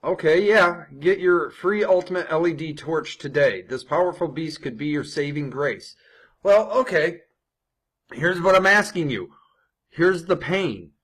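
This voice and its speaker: A young adult man, an online marketing coach, leads a casual screen-share tutorial on writing ad copy. His voice is fairly high, bright and husky, with lively intonation and a measured pace. He talks conversationally, often restarting sentences and tacking "right?" onto the end.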